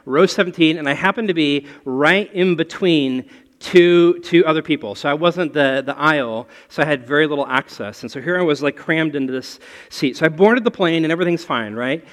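Man, preacher, lively storytelling sermon, slightly high voice, long hall reverb. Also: brisk. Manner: animated, storytelling with rising excitement.

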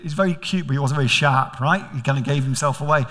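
A man's voice: on the high side, fast. An older man preaching a sermon in a church, telling stories and asking the congregation questions. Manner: storytelling, animated, questioning. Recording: reverberant church hall.

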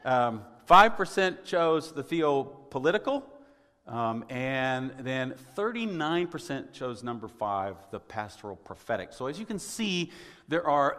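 A man pastor giving a sermon in a church, wry and conversational, often clearing his throat. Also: mid-range voice, a bit bright. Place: church sanctuary. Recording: long hall reverb.

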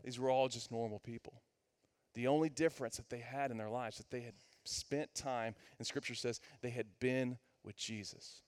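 A man preaching a sermon to his congregation as their pastor, building to loud, emphatic peaks. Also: mid-range voice, fairly even intonation, normal speed, smooth. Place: church sanctuary.

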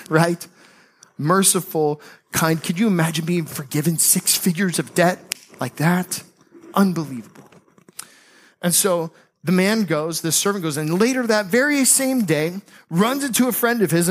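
A man preaching a sermon as a pastor, telling a Bible story in a casual, animated way with slangy asides. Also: high voice.

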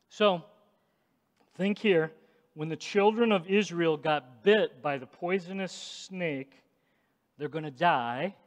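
A male pastor preaching an emphatic sermon in a church, swinging between loud declarations and hushed asides. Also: fairly high pitch. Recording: long hall reverb.

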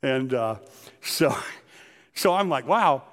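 A man's voice: mid-range voice, fairly quick. Man preaching in a reverberant hall. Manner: storytelling, conversational. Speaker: pastor. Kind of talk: sermon.

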